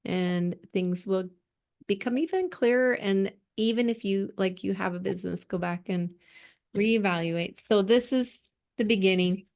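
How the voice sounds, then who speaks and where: A woman's voice: medium pitch, a little slow, darkish tone. Woman course coach, upbeat and encouraging, laughs easily, video call audio.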